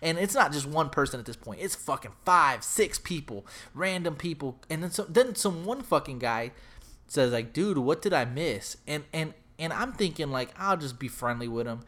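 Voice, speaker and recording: Profane, animated male podcast host. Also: fairly high pitch, normal speed. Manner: animated, profane storytelling, acts out quoted lines. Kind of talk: casual storytelling chat.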